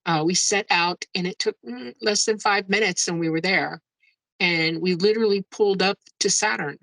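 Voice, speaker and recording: A woman guest telling her own story in a casual, excitable way, often exclaiming and laughing as she goes. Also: medium pitch, normal speed, gravelly, no room sound, rough recording. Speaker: guest, UFO experiencer. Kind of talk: casual first-person storytelling.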